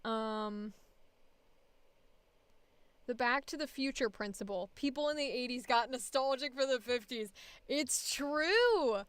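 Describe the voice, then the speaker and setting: A woman's voice: on the high side, a little slow, pauses often, smooth, no room sound. A woman voice actor talking casually to herself while recording audition takes, frank and chatty. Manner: frank, chatty, self-critical.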